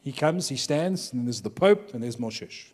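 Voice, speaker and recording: A man's voice: mid-range voice, animated, unhurried, darkish tone. A man from Durban, South Africa, telling humorous anecdotes to a live audience of pastors and acting out the people he quotes. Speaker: workshop speaker to pastors. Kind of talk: storytelling talk to a live audience. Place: large hall with an audience. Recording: long hall reverb.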